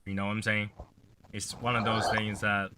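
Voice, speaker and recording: A man's voice: on the low side, level tone, normal speed, heavy background noise. A man hosting a casual livestream chat, rambling in a gloomy, offhand way and swearing now and then. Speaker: livestream host.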